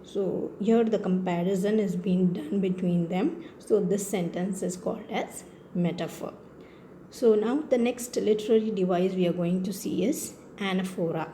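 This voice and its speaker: Brief: woman schoolteacher, Indian English accent, mellow tone, patient step-by-step explainer, faint room noise. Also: mid-range voice, normal speed. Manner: patient, repetitive explaining with frequent checks for understanding. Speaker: teacher. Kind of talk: classroom lesson on poetry.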